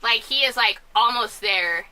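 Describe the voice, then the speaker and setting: Woman vlogger at home, high bright voice, rambling and excitable. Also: clear, resonant tone. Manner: chatty, scatterbrained, quick bursts of loud outrage. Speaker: film and musical reviewer. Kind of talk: casual vlog commentary. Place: at home, family asleep next door.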